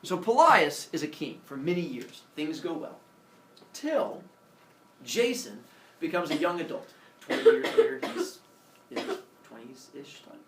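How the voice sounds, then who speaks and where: A man's voice: on the high side, big pitch swings, measured pace, slight background noise. A male teacher retelling a myth to his class in a playful, jokey way, acting out the characters. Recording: echoey classroom from far off.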